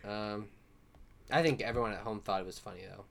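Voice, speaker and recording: A man's voice: on the low side, fairly quick, gravelly, a loud crowd. Young man joking on a podcast. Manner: joking, offhand. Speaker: podcast co-host. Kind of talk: casual chat.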